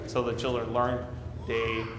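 Slow, emphatic preaching man in echoey hall. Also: medium pitch, monotone, slight background noise. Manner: emphatic, rising for stressed words and dropping to near-whispers. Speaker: pastor. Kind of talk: sermon. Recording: echoey hall, faint room ambience.

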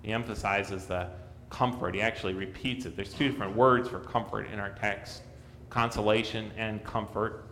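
A man's voice: fairly even intonation, moderate pace, a little hiss or hum. Man preaching in a reverberant church. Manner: earnest, rises in pitch and volume for emphasis, drops to a soft hush. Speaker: pastor. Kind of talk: sermon.

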